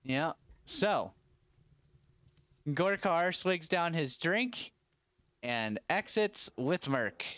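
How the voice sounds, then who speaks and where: A game master describing a fantasy scene at an unhurried pace. The narration circles back and rephrases as it goes, in an easy, loose way. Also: medium pitch, animated, fairly bright tone, no room sound, muffled recording. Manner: narrates with many fillers and restarts.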